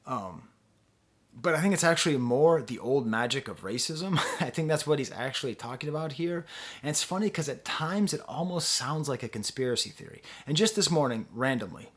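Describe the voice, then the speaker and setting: Male reviewer, mid-pitched, thoughtful and halting, frequent laughs. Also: animated, fairly bright tone. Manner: musing, hesitant, laughs often. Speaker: music reviewer. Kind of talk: casual spoken album review.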